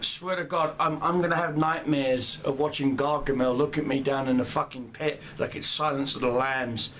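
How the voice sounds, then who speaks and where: Furious high-voiced man ranting. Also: steady tone, normal speed, fairly bright tone, slight background noise. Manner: furious, profane, heated. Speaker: gamer. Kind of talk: angry rant vlog.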